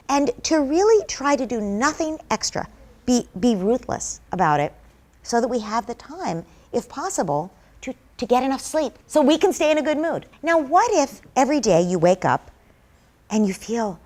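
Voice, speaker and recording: A woman's voice: a little high, sing-song, normal speed, a little mellow. Earnest woman giving parenting advice. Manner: earnest, explains by acting out example dialogues. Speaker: parenting expert guest. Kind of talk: interview answer, conversational advice.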